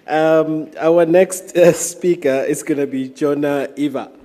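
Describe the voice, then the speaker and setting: A man moderating a pitch competition, joking lightly, with chuckles and fillers. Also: level tone, takes it slowly, mellow. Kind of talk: event hosting.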